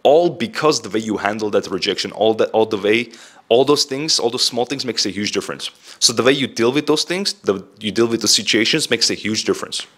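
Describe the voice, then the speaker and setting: A young man with a lowish voice talks straight to the camera in a relaxed advice vlog. He is direct and chatty and keeps dropping "like" and "bro" between points. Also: a little fast. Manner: direct, heavy use of "like" and "bro". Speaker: self-improvement vlogger.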